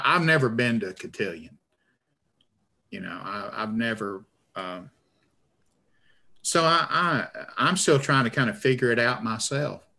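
A man's voice: medium pitch, pushed and bright. A man with a northern Alabama accent, an author in a video-call interview, talking in a rambling, stammering, self-deprecating way. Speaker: author guest. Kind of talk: conversational interview.

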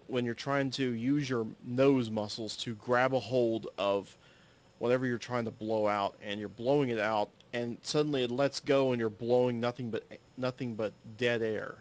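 Man, solo host, casual storytelling, mid-pitched, rambling, self-correcting, swears now and then. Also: fairly even intonation, moderate pace. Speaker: solo podcaster. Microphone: audio-only recording, no camera.

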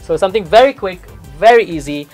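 A man hosting a makeup video, chatting with a guest in a teasing, talkative way with quick exclamations. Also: high-pitched, animated, over music. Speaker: makeup artist and host. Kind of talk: casual chat with a guest.

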